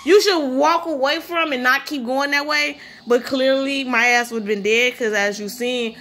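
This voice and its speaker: A woman's voice: fairly high pitch, moderate pace, few pauses. Profane woman reacting, noisy recording. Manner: blunt, profane, loud exclamations. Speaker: video reaction host. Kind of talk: casual reaction commentary.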